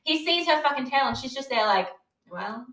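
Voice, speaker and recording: Young woman, slightly high voice, casual recap chatter full of "like" and quoted lines, roomy echo. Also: lively intonation, fast, fairly bright tone. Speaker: co-host of a TV recap chat. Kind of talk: casual chat. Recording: echoey room.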